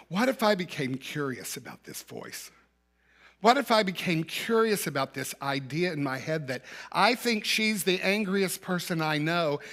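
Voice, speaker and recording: Bright-voiced man preaching a conversational sermon. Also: fairly high pitch. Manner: conversational storytelling, rhetorical questions, occasional laughs. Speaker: minister. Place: church sanctuary.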